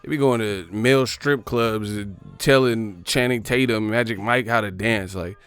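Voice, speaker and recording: A man's voice: on the low side, moderate pace, a bit bright, clean tone, soft background music. A man hosting a boxing livestream, ranting casually and profanely while driving his car. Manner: profane, rambling, mocking. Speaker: boxing channel host.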